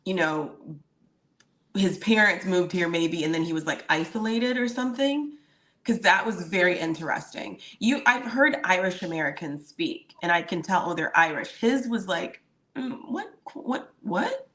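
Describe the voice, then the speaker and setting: Bright woman co-hosting a playful chat. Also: lowish voice, moderate pace. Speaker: co-host. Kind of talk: casual recap chat.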